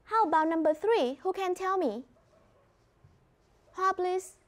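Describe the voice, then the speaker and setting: A woman with a Vietnamese accent teaching an English reading lesson in a clear, instructive way. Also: extremely high pitch, expressive, slow. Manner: clear, instructive, mixes in explanations in her first language. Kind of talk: classroom lesson.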